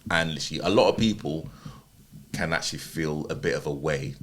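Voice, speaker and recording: Male co-host with a very deep but bright voice, sincere and measured in giving advice. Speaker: podcast co-host. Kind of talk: casual podcast chat.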